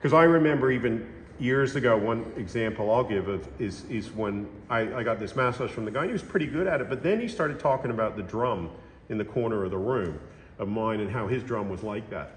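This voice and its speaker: A man teaching a hands-on massage class in a relaxed, conversational way, often checking in with his students. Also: fairly low pitch, a little fast, slight background noise. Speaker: massage instructor. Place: training room during a course. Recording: roomy echo with long reverb.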